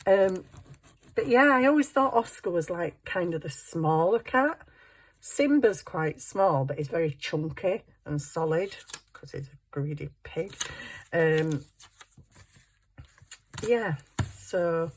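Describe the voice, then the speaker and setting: Chatty grandmother with a low voice. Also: animated, slow pace, a little hiss or hum. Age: older. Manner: chatty, giggly, rambling. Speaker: craft vlogger. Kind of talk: casual chat while crafting.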